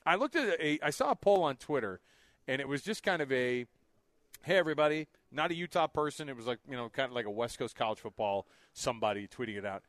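A man hosting sports talk radio in a jokey, excitable way, laughing often. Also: medium pitch, fast talker, no room sound.

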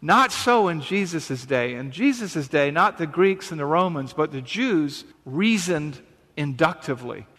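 A man preaches a sermon, moving from scripture reading into a talky, conversational explanation full of rhetorical questions. His voice sits a little high for a man. The sound carries a long reverb. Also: expressive, unhurried, fairly bright tone. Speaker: pastor.

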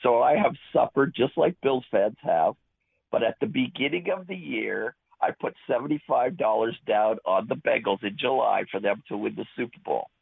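A gravelly, husky middle-aged man from Ontario calls in over a dry, tinny phone line. He rambles in a chatty way, piling on detail after detail. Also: mid-range voice, normal speed, dry recording. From Ontario, Canada. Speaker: caller. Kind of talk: phone call-in.

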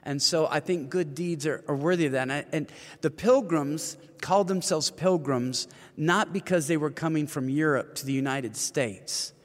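Man in his fifties, raised-pitch earnest storyteller, light hall reverb; interview guest. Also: moderate pace, few pauses. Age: 50s. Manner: earnest storyteller, acts out quoted voices. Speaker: author and ministry leader. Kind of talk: interview conversation.

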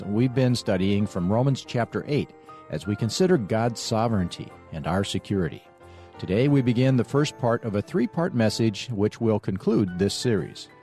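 Low-voiced, lively radio host man. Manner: conversational and storytelling. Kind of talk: scripted broadcast introduction.

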